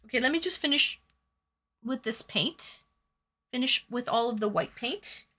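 Woman, livestreamer, casual chat while painting, bright tone, a bit high, jokey. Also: animated, unhurried. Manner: chatty, reads viewer comments aloud, crude jokes, giggly.

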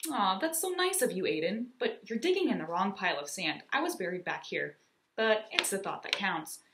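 A woman's voice: mid-range voice, very animated, normal speed, a bit bright. A woman voicing a friendly, cheerful little male fox in a children's story, upbeat and chatty.

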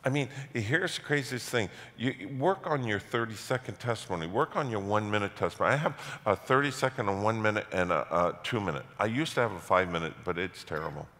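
A middle-aged man preaches to his congregation, spinning a story with playful self-mockery. His voice swoops lively up and down, and it rings out with the long reverb of a large church hall. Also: fairly low pitch, fast talker, hardly any pauses. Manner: animated storytelling with self-mocking humor. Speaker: pastor. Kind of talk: sermon.

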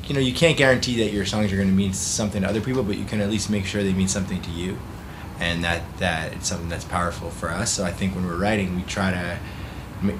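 A man being interviewed as a band guest, animated and rambling, restarting his sentences. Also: low voice, background noise. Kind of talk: casual interview chat.

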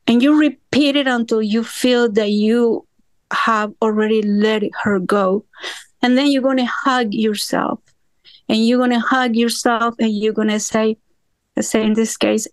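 Slow, earnest, high-voiced woman on a call. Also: steady tone, no echo. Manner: slow, earnest, with small grammar slips. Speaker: study group participant. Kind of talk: earnest personal testimony. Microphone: remote call audio.

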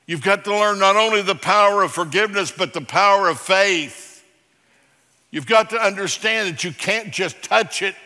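A man preaching a sermon with a bright, forceful voice that sits a little high. He is emphatic, swinging from loud declarations to quiet, low passages. The sound carries a long reverb from a church hall. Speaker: pastor. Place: church sanctuary.

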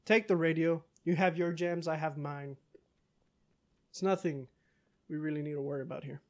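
Excitable young man cursing over gameplay. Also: a little high, moderate pace. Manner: excitable, curses, talks back to game characters, yells in bursts. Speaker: gaming YouTuber. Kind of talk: casual let's-play commentary.

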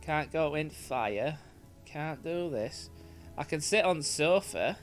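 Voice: mid-range voice, sing-song, takes it slowly, faint music behind. A gaming streamer with a British accent, giving sweary, jumpy, chatty commentary over a game. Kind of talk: let's play commentary.

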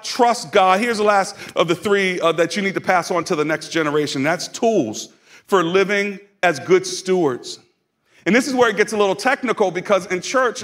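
A man's voice: high-pitched, a bit bright. A male pastor preaching a sermon in a conversational, humorous way, drawing the congregation into call-and-response. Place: church sanctuary.

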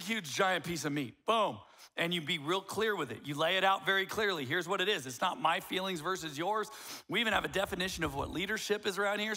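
A male pastor in his fifties delivering a sermon in a blunt, emphatic way. He lands his points with wry humor. His voice sits fairly high for a man, and his tone is bright and forceful.

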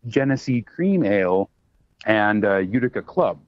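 A man's voice: lowish voice, expressive, a little slow, dry recording. Rambly bartender guy chatting on a podcast, lots of uh and like, kinda muffled dry audio. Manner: rambling and talkative, with many fillers and restarts. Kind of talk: casual chat. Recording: dry, slightly dull sound.

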